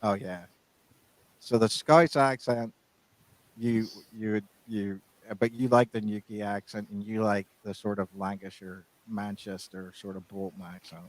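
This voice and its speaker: A man's voice: lowish voice, steady tone, measured pace, rough recording. A man co-hosting a casual podcast, rambling and often restarting his sentences. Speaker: podcast co-host.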